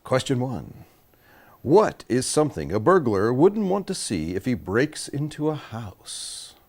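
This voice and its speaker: A man's voice: mid-range voice, big pitch swings, measured pace, darkish tone. A young man hosting a comedy game show in a showy announcer style. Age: young adult. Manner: showy, swooping announcer delivery.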